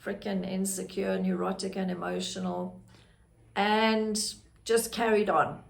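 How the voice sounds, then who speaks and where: A woman's voice: medium pitch, level tone, measured pace, creaky. A middle-aged woman, a podcast host candidly telling her personal story in a reflective way. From South Africa. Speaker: podcast host, grief guide.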